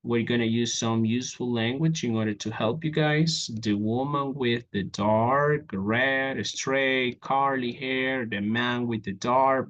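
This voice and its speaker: Male English teacher, online lesson, steady mid voice, frequent check-ins. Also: mid-range voice, slow pace, hardly any pauses, lo-fi sound. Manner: repeats "okay?" often, walks through examples on a board.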